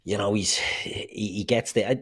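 A man's voice: lowish voice, fairly even intonation, normal speed, a bit bright, breathy edge. A man co-hosting a casual football podcast, opinionated and blunt, with frequent swearing. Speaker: podcast co-host. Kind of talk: casual chat.

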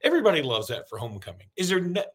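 A man's voice: a little high, very animated, very fast, fairly bright tone. A man co-hosting a sports podcast in casual chat, joking and rambling as he talks. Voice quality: slightly muffled from a mint. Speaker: podcast co-host.

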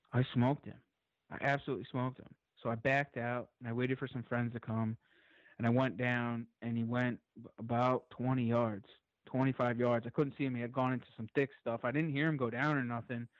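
A man as a podcast guest, telling a long story in an excited, rambling way and swearing freely. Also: mid-range voice, dry recording, lo-fi sound.

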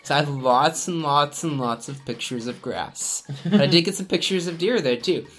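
A man hosting a podcast in casual, relaxed chat, chuckling often. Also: a little high, normal speed. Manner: relaxed, chuckling, with frequent restarts. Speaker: podcast host.

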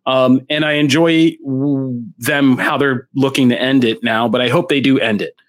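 A man's voice: mid-range voice, steady tone, normal speed. Blunt, opinionated male podcast co-host. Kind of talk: casual comics review chat.

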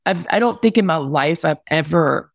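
A woman's voice: sits low, animated, normal speed, dry recording. Candid woman telling a painful story. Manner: candid, rambling, frequent "like". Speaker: guest. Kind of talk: emotional personal account.

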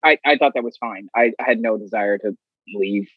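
A man with a husky, slightly breathy voice tells stories casually and acts out other people's lines with energy. The sound is dry and close, in a dull, slightly muffled recording. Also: lowish voice, brisk, no room sound. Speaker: guest. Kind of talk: casual storytelling.

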